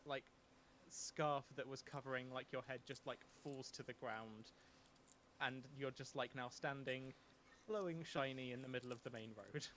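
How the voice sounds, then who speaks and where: A man's voice: medium pitch, fairly bright tone, slight background noise. A man narrating a tabletop game as game master, talking with many ums and restarts.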